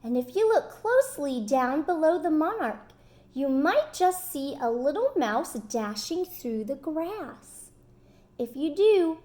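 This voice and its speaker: A woman reading a picture book aloud to children in an animated way, stopping to ask them questions. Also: high-pitched.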